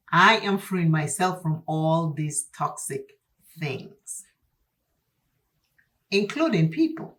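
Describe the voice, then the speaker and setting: Lady with an accent chatting thru her makeup, slow and lowish, preachy, keeps saying things twice. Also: fairly bright tone. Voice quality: speaks with an accent. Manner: emphatic, preachy, repeats for stress. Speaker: beauty vlogger. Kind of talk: chatty get-ready-with-me talk.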